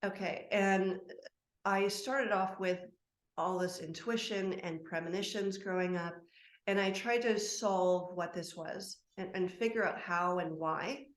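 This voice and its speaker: A woman's voice: medium pitch, a little slow. A woman guest speaking as a soul constellation practitioner in an interview, heartfelt and emotional, talking in spirited bursts. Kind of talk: earnest interview talk. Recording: echoey room.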